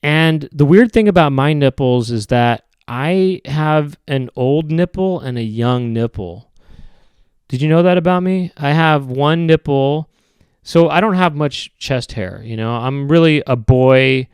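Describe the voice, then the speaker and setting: A man hosting a podcast, rambling through a comedic monologue in a halting, hesitant way with many restarts and drawn-out phrases. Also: a little high, a little mellow, clear, resonant tone, no room sound, studio quality. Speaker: podcast host.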